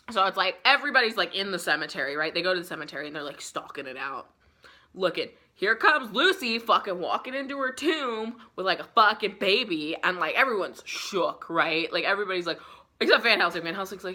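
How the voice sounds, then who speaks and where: A woman's voice: lowish voice, expressive, moderate pace, bright, forceful tone. A young woman in her twenties, a bit tipsy, casually retelling a classic novel with lots of swearing and filler "like". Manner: rambling, profane, heavy use of "like". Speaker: book vlogger. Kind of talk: casual book summary.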